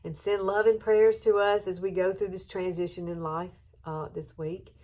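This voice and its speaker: A woman's voice: on the low side, fairly even intonation, moderate pace. A woman in her fifties with an Alabama accent, chatting through a makeup routine in a beauty vlog, talking emotionally and sometimes close to tears. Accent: Southern US (Alabama). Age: 50s. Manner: chatty, warm-hearted, emotional. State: tearful at times. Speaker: beauty vlogger. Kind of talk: chatty get-ready-with-me vlog.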